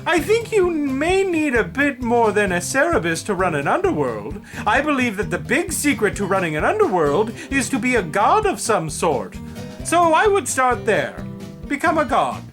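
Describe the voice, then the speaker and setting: A man's voice: extremely high pitch, huge pitch swings, normal speed, full character voice. A man playing a chipper host who reads out viewer suggestions in a jaunty, mock-earnest way. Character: chipper man hosting a comedy outro segment. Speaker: outro segment host. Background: music.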